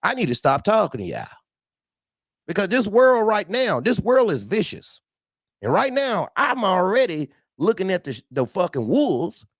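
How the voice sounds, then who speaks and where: Blunt slangy guy, fairly high voice that jumps all over, dry close sound. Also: unhurried, no echo. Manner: blunt, animated, laughing, street slang. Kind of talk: casual profane trucking talk.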